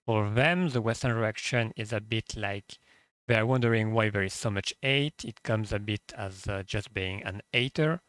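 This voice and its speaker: Man, young adult, French accent, low pitch, dry sound, hesitant fillers, blunt profanity, casual commentary, cheap microphone. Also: moderate pace, a bit bright, no echo. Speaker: channel host, translator.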